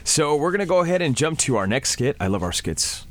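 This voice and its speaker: A man's voice: fairly high pitch, sing-song, fairly quick, slight background noise. A man hosting a podcast panel, chatty and upbeat as he introduces skits. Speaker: podcast host.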